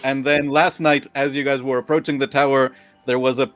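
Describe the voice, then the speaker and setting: A man running a tabletop game as game master, calmly describing scenes to the players. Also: medium pitch, a little fast, faint music behind. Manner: calm descriptive narration.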